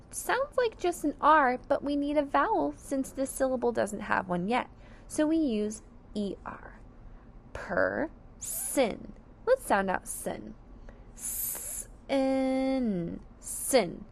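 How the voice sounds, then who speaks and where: A woman's voice: high voice, gravelly, a bit bright. A woman teaching a phonics lesson to young children, sounding out each word syllable by syllable with careful enunciation.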